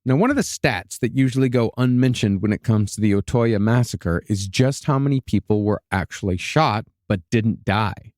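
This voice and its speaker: A man hosting a podcast, recounting events in a steady, matter-of-fact storytelling style with dry asides, recorded in a studio. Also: lowish voice, normal speed, hardly any pauses, no echo. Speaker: podcast host and narrator. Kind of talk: storytelling true-crime narration.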